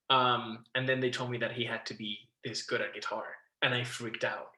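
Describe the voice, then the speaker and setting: Guy animated storyteller on a podcast, bright tense voice, roomy echo, swears a lot. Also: mid-range voice, fairly quick. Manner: animated storyteller, acts out quotes, swears and laughs. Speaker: guest, musical theatre actor. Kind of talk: casual interview chat.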